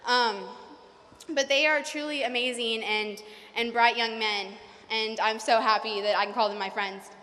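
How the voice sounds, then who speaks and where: A young woman giving a graduation speech as salutatorian, nervous and fast, with many fillers. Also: fairly high pitch, steady tone, sharp tone. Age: young adult. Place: large hall. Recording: reverberant hall.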